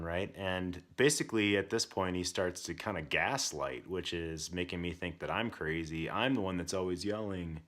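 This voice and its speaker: A man with a very low voice tells a parenting story in a relaxed, candid way. He reflects openly as he talks. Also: moderate pace, hardly any pauses. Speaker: podcast host. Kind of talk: casual storytelling.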